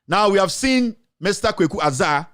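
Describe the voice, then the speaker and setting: A man's voice: sits high, lively intonation, moderate pace, fairly bright tone. A Ghanaian man, a journalist and show host, giving heated political commentary, firing off accusing rhetorical questions.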